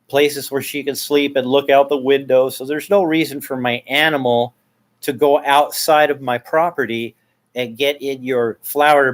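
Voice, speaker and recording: A man talking straight at the camera to his neighbor in a loose, unscripted ramble. He repeats words and restarts his sentences often. His pitch sits in a middling range, and he stays aggrieved while he lays out his complaints. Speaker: vlogger addressing his neighbor. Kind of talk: casual spoken monologue.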